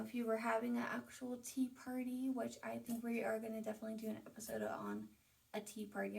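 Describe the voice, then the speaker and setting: A female host with a fairly high, creaky, darkish voice films a casual vlog at home, her mic set at a distance. Showing things off to camera, she chats enthusiastically, with plenty of fillers and side remarks.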